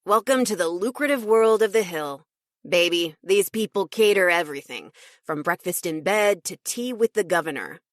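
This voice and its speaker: A woman's voice: fairly low pitch, animated, normal speed, dry recording, clean studio sound, lightly acted. A woman narrator voicing a flamboyant, gossipy man who talks in a gleeful, theatrical way.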